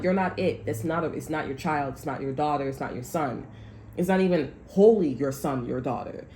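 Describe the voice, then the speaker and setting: A woman with a low, mellow voice rambles heatedly through a casual tarot reading, swearing freely as she goes. Her voice rings in an echoey room with faint noise behind it. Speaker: tarot reader.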